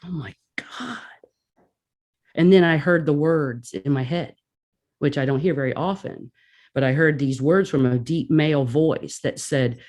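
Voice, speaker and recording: Woman guest, casual storyteller, animated, plays out her reactions. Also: low voice.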